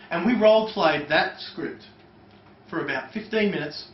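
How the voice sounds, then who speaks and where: A man with a high voice leads a live workshop and talks through it in a loose, conversational way, full of fillers. He sounds far from the microphone in an echoey room, and the recording is dull and lo-fi with faint noise behind him. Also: normal speed. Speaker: seminar trainer. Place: seminar room with a live audience.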